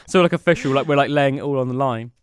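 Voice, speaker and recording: Young man, podcast co-host, casual rambling chat, smooth resonant tone. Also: medium pitch, quick pace, no room sound, clean studio sound. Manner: rambling, self-mocking storyteller. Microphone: studio mic.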